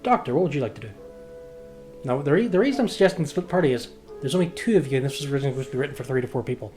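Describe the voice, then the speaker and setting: A man's voice: medium pitch, lively intonation, very fast, dark tone, faint music behind. A man narrating a tabletop game as game master, in a jokey, teasing way.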